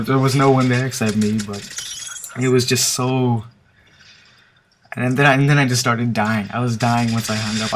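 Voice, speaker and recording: A man's voice: medium pitch, poor audio. A man casually telling a story over game footage as a gaming commentator, rambling and hesitant with lots of filler words. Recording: steady background hiss with clicking.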